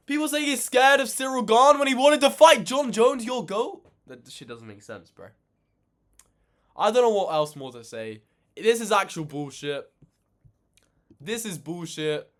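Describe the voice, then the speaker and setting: A man ranting in casual reaction commentary, animated and swearing a lot, exasperated. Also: a little high. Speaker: reaction channel host.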